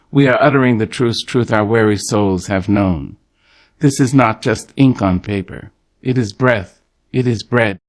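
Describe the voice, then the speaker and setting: Low-voiced man reading a poetic prayer. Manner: poetic, preacher-like cadence with slow, weighty pauses; tender, fatherly address to the listener. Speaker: devotional speaker. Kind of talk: scripted morning prayer reading.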